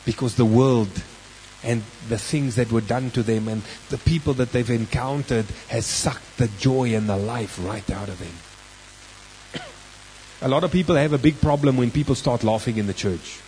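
South African preacher, mid-pitched, conversational storyteller who stretches key words for weight. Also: male voice, measured pace, a little mellow, a little hiss or hum, low-quality recording. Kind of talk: sermon with personal storytelling.

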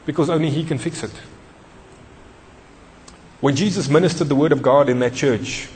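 A man preaching in a church with a fairly high voice. He drives each point home with repetition and questions to the listeners. His words ring out in a long echoing hall. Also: darkish tone. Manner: emphatic, repeats key phrases, questions the congregation. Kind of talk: sermon.

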